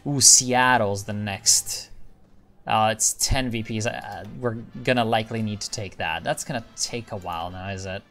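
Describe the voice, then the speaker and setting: A man's voice: fairly low pitch, moderate pace, fairly bright tone, soft background music. A man giving casual, rambling commentary on his strategy gameplay, thinking aloud and restarting sentences. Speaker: gaming video creator.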